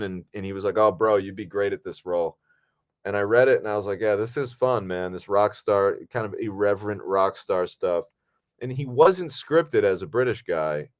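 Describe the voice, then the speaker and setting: Low-voiced man telling a story. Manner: storytelling, relaxed with fillers. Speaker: podcast co-host and actor. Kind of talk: casual podcast chat. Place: home, at a computer.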